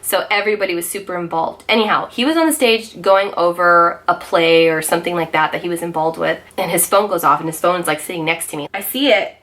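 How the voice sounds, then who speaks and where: A woman in her thirties telling a personal story in a casual vlog, animated and emphatic, with lots of fillers and some swearing. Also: fairly low pitch, brisk, hardly any pauses. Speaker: vlogger.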